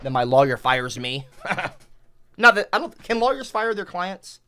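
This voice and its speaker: Brash streamer man with a forceful voice. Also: mid-range voice, sing-song, moderate pace. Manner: profane, combative, shouting back at chat. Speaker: livestreamer reading chat. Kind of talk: casual livestream chat. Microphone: headset.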